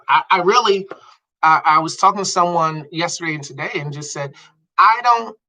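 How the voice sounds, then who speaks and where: Middle-aged male boss on a video call, bright tone, animated, repetitive casual delivery. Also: on the high side, rough recording. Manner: animated, repeats himself, drawn-out phrases. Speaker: agency leader hosting staff video call. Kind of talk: casual staff update.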